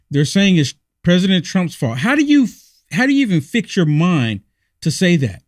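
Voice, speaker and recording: A man's voice: high-pitched, big pitch swings, moderate pace, no echo, clean studio sound. Heated male political commentator. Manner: heated, repetitive rhetorical questions. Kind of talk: opinion monologue.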